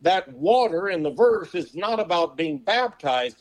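A preacher with a fairly high male voice delivers a sermon, pressing his listeners with rhetorical questions. He talks in a folksy manner and drags out the words when he quotes scripture. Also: very animated. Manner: slows and drawls on scripture quotes; folksy turns of phrase.

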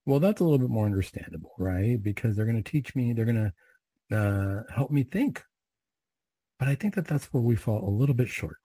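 A man's voice: mid-range voice, animated, a little fast, mellow, no echo, poor audio. A man leading Catholic prayers and then reflecting informally, in a plain conversational manner with rhetorical questions.

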